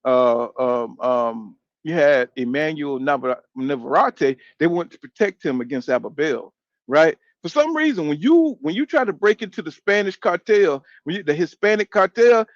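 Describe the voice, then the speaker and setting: A man's voice: fairly high pitch, no echo, highs cut off. A man in his fifties hosting a boxing channel, chatting loosely and profanely while reading out viewer comments. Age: 50s. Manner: loose, profane, talks back to chat. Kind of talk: casual live-stream chat reading comments.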